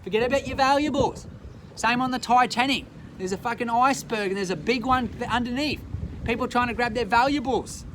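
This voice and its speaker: An Australian man talks straight into his phone in a raised, high voice, swearing hard and repeating himself for emphasis. The clip is recorded outdoors, with the drone of a boat motor and water clearly heard under his words. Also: a little fast, a little hiss or hum, poor audio. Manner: profane, forceful, repetitive. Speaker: social media vlogger. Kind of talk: impassioned direct-to-camera rant.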